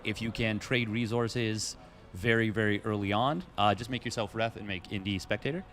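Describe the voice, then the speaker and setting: A man co-casting a live strategy game match, calmly walking through the lobby setup and tournament rules. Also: on the low side, moderate pace. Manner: steady, explanatory. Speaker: esports co-caster.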